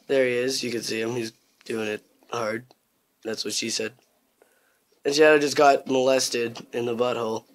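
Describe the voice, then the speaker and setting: A young man giving casual, crude gameplay commentary, swearing constantly and bursting into excitement. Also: fairly high pitch.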